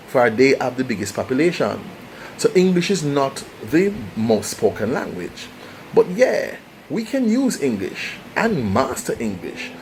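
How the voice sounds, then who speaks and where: Young Jamaican man, impassioned vlogger, sweeping animated intonation, slight background noise. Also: mid-range voice, low-quality recording. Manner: passionate, preachy, rhetorical questions. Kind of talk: opinionated commentary to camera.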